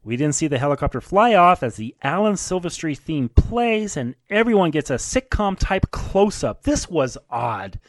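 A man's voice: a little high, sing-song, normal speed, hardly any pauses, no echo. A man recapping a film's scenes in casual chat, narrating events and laughing as he goes. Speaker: podcast co-host recapping a film.

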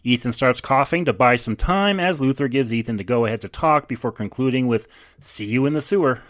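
A man hosting a movie podcast, recapping the plot in quick summaries and laughing often. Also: medium pitch, a bit bright. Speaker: podcast host.

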